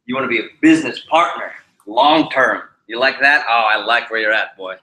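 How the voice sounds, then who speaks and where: A man's voice: medium pitch, a little fast, bright, forceful tone, echoey room, pitched below the performer's own voice, natural voice, low-quality recording. A man putting on a pushy rich old oil mogul. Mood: coaxing. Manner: broken clipped speech, wheedling.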